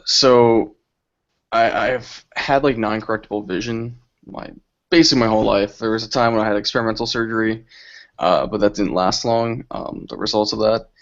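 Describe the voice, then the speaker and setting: A young adult man, a filmmaker and interview guest, describing his experiences in a relaxed, reflective way. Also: on the low side, highs cut off. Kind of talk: casual interview answers.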